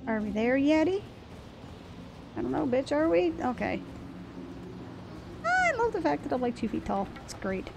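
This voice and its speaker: A woman's voice: high-pitched, big pitch swings, moderate pace, creaky, pauses often. A woman streaming a game, chatting casually and swearing at the monsters she fights. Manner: chatty, profane, talks to the game's monsters. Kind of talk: casual gameplay commentary. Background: game music.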